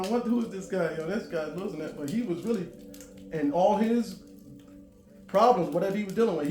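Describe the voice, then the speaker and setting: A man in his forties telling a long personal story to camera, animated, drawing words out and bursting into loud high stretches. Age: 40s. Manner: animated, drawn-out emphatic delivery with sudden loud high bursts. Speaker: vlogger. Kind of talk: casual storytelling monologue. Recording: roomy echo with faint music.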